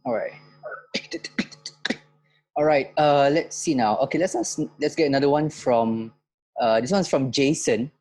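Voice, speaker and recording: A podcast host with a slightly husky, breathy voice reads out viewer questions in a loose, relaxed way. The pitch sits in a middle range. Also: unhurried, pauses often. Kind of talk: casual interview hosting.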